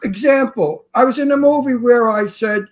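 A man with a Brooklyn accent, co-hosting a radio talk show, telling blunt, animated stories full of cursing. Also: extremely high pitch, normal speed. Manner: blunt, animated storytelling with profanity. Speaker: co-host.

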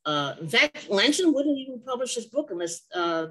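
A woman's voice: a little high, big pitch swings, normal speed, a bit bright, rough recording. An older woman sharing memories as an interview guest, rambling and digressing, often stopping to correct herself. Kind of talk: oral history storytelling.

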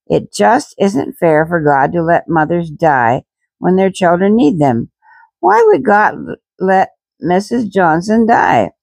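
Woman reading as an upset little girl, hesitant and pleading, in a storybook, with a lively, gravelly lilt. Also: lowish voice, slow pace, no echo, full character voice. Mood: tearful. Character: troubled young girl, earnest and tearful.

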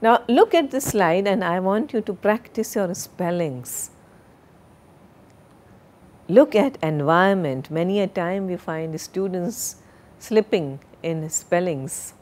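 Woman, lecturer, slow deliberate delivery, lowish pitch, recorded lesson, lapel mic. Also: lively intonation, a little mellow. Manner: slow, deliberate, drills word pronunciations.

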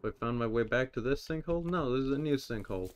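A young man commenting on a survival game as he plays, rambling and joking with sudden yelled outbursts. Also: mid-range voice, lively intonation, fast talker, smooth. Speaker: gameplay commentator. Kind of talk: let's play commentary.

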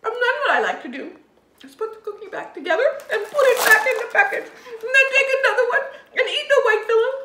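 A woman's voice: very high voice, expressive, a little fast, bright, forceful tone. A woman hosting a playful children's food segment, bubbly and giggly, with exaggerated delivery. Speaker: host of a kids' food segment. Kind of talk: playful show-and-tell for children. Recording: echoey room with faint noise.

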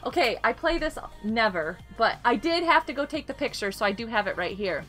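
A woman's voice: a little high, big pitch swings, a little fast, fairly bright tone, faint music behind. A young woman live-streaming a game, chatting casually and giggling often as she greets viewers.

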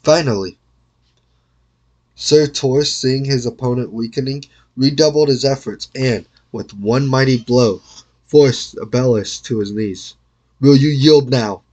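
A man's voice: medium pitch, darkish tone, dull audio. Older man reading a storybook aloud. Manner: measured, careful reading. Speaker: reader.

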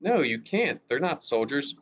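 A man's voice: medium pitch, very animated, a little fast, breathy edge. A man voicing a frightened young junior officer who pleads in alarm, in a dull lo-fi storybook reading. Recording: dull lo-fi recording.

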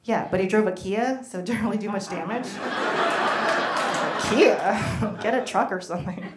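A woman performing a stand-up comedy set, animated and quick to act out the people in her stories. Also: medium pitch, roomy sound, very noisy. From United States. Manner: animated, acts out voices in quoted bits. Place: comedy venue stage.

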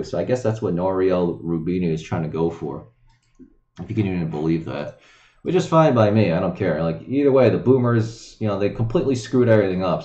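A man reads news headlines off his screen and rants about them in a loose, sarcastic way, full of fillers and curses. His voice sits on the low side. The recording is roomy and a little dull. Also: warm tone. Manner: rambling, sarcastic, swearing, many fillers. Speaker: host reading and commenting on crypto news. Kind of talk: casual news commentary.

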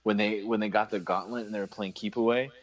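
A man's voice: on the low side, steady tone, fast, dull audio, background noise. A man co-hosting a casual movie review, enthusiastic, talking in loose runs full of "like". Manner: enthusiastic, many "like" fillers. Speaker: podcast co-host.

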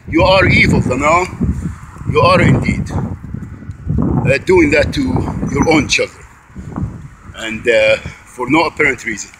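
A vlogger, a man with a slightly high voice, speaks a little slowly with long pauses as he walks his bike uphill outdoors, panting. His recorded monologue is angry and accusatory, with many repeated words and restarts. Heavy background noise surrounds him.

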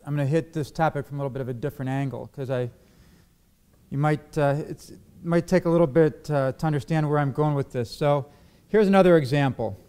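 A man's voice: a little high, brisk, warm tone, smooth. A man preaching a sermon to a congregation. He asks his listeners questions and acts out quoted arguments. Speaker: pastor.

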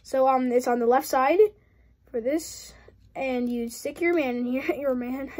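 A young woman with a high voice talks casually while showing off a model she has built. She giggles a lot, trails off, and keeps apologizing as she rambles. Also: fairly even intonation, measured pace, a little mellow. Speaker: hobby channel host. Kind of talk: casual build commentary.

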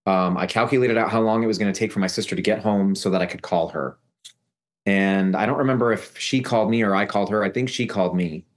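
A man, a podcast guest, telling a personal story with halting restarts and repeated phrases. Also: on the low side.

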